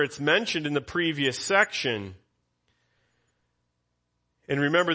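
A man's voice: on the high side, pushed and bright. A male pastor giving an expository Bible teaching in a conversational way, putting questions to his congregation.

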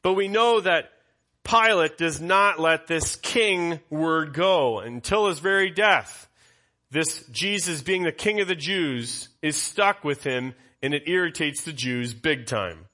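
A man with a bright, forceful voice sitting a touch higher than most men's, walking his congregation through a Bible passage. He teaches in a conversational way and keeps asking them questions as he goes. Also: expressive, slow pace. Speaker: pastor.

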